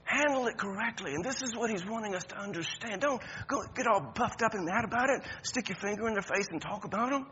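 A man preaching a sermon as pastor, talking to the congregation conversationally, stumbling over restarts, then breaking into emphatic high points. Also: quick pace, few pauses, pushed and bright, lo-fi sound, slight background noise.

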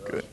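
A man preaching a sermon in a folksy, humorous way, slowing down on key words and acting out quotes in a raised voice, often laughing. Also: a little mellow. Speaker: pastor.

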